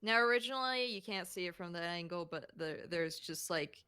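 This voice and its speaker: Hesitant young woman developer, bright voice. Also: fairly low pitch, animated, a little fast, clear, resonant tone. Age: young adult. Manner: hesitant, stammering restarts, laughing asides. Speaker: game developer commenting. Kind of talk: casual developer commentary.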